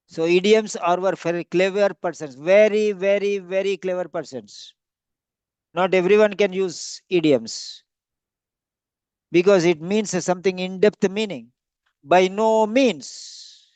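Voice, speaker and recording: A man's voice: high voice, unhurried, long pauses, darkish tone, clean tone, no room sound. A man giving a classroom lecture, repeating and stretching key words for emphasis. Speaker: English teacher.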